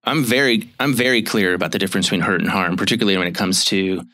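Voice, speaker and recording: A man in his thirties talks as a marriage therapist on a podcast, working through ideas thoughtfully with fillers. His voice sits fairly low. The sound is dry, with no room echo. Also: fast talker, sharp tone. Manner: thoughtful, explanatory, with frequent fillers and restarts. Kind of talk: casual chat about relationships.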